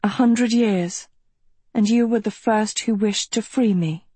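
A woman doing a soft, grateful young girl. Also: medium pitch, a little slow, breathy edge, dry recording. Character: gentle freed girl of twelve, grateful.

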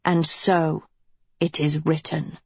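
A menacing old villain, a rotting male schoolmaster whose voice drops deep and slow with icy calm, as a woman reading the audiobook puts him on. The tone is slightly husky and sits close and dry, with no room around it. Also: no room sound, full character voice. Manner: cold, menacing, low and slow.

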